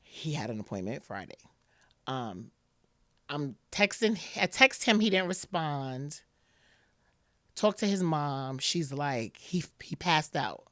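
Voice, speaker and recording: A woman with a low voice speaks slowly in a dry, studio-quality recording. As a podcast guest, she tells a personal story in an animated way, acting out what people said and using plenty of "like" fillers.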